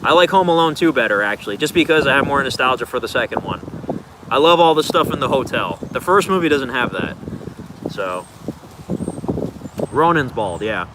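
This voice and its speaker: A man with an ordinary mid-range voice chats loosely through viewer questions on a livestream, drifting from thought to thought with plenty of filler words. His voice sits over a steady hiss of background noise. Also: medium pitch, normal speed, pauses often. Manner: rambling, laid-back, loose filler words. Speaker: streamer answering viewer questions. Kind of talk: casual livestream Q&A.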